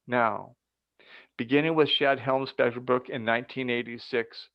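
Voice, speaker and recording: A man's voice: mid-range voice, steady tone, unhurried, no room sound. An older man speaking as a guest speaker, giving an earnest, emphatic motivational talk with stories over a video call. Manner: earnest, emphatic and building up to points. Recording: dull lo-fi dry audio.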